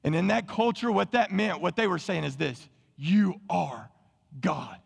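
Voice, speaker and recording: A man preaching a sermon to his church, animated and calling on the congregation to answer. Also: high voice, fairly quick, creaky, in a large hall. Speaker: pastor. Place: church sanctuary.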